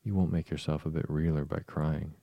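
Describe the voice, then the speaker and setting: A smug, contemptuous little twin, as a man reads him in a storybook. The voice is very low and flat. It has a dark, gravelly quality. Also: brisk, no echo, dull audio. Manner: smug, contrary.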